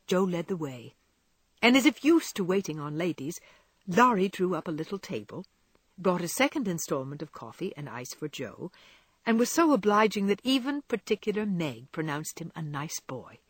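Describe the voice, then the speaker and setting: A woman narrating a classic novel aloud with expressive storytelling. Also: on the low side, normal speed, breathy edge, dry recording. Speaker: audiobook narrator.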